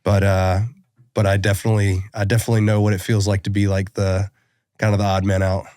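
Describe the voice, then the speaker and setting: A man hosting a podcast, chatting casually and relaxed about his service. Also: fairly low pitch, quick pace, dry recording, clean studio sound. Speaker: podcast host, Coast Guard veteran. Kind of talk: casual conversation.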